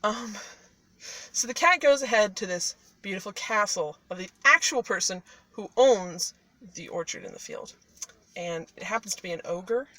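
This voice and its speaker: A woman's voice: medium pitch, animated, moderate pace, a bit bright. A woman casually retelling a fairy tale in a parked car, chatty and irreverent, with swearing and laughing asides. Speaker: storyteller.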